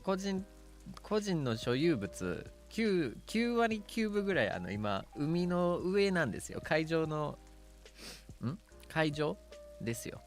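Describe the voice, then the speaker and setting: A man chatting casually on a livestream, playful and rambling, full of teasing asides. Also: a little high. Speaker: streamer.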